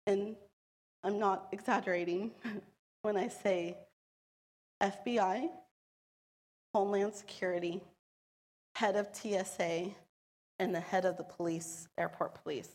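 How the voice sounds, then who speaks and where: A woman's voice: mid-range voice, in a large hall. A woman telling her own story in an earnest, emotional way, acting out the voices of the people she quotes. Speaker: storyteller sharing a personal testimony. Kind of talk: personal storytelling.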